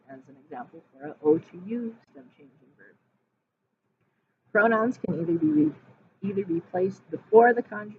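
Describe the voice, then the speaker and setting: A woman's voice: medium pitch, phone-quality sound. Lady teacher reading slides, spells words out letter by letter, sounds like it's over a phone, faint hiss. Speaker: Spanish teacher. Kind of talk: reading lesson slides aloud.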